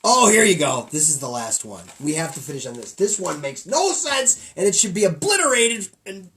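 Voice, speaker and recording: A middle-aged man co-hosting a loose comedy podcast, rambling from joke to joke. His pitch leaps and dips all over as he jumps between loud bits and quiet mutters. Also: very animated, normal speed. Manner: jokey, rambling, swings between loud bits and low mumbles. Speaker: podcast co-host. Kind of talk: casual comedic chat.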